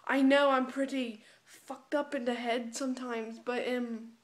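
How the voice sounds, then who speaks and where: Speaking a little slowly in a high-pitched, steady voice, a teen girl chats to her phone camera in a blunt, casual way. She swears and slips into a mock British accent.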